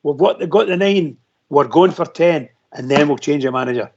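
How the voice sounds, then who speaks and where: A man's voice: on the high side, lively intonation, moderate pace, a little mellow. A man calling in to a radio phone-in, talking in a rambling, emphatic way. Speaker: caller. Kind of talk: casual phone-in chat. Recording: muffled lo-fi phone-in audio.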